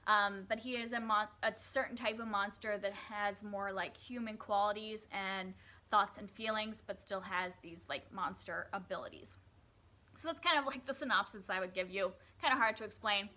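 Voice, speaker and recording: A woman's voice: mid-range voice, normal speed, pushed and bright. A young woman chatting casually as she reviews books she read, with lots of fillers and restarts. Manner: chatty, many fillers and self-corrections. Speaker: book reviewer. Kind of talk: casual book review vlog.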